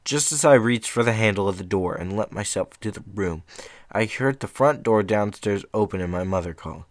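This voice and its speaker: A man's voice: on the low side, expressive, fairly quick, no echo, clean studio sound. A young man reading short horror stories aloud in a casual, rambling way, breaking off for chatty asides.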